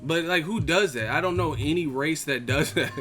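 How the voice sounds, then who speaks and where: A man's voice: fairly high pitch, normal speed, pushed and bright, faint music behind. A man hosting a boxing live chat stream, ranting in a heated, profane way and laughing mid-sentence.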